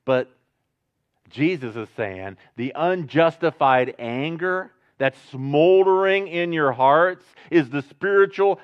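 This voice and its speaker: A man preaching a sermon in a conversational style, breaking into loud emphatic bursts and chatty asides. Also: a little high, muffled recording. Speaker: pastor.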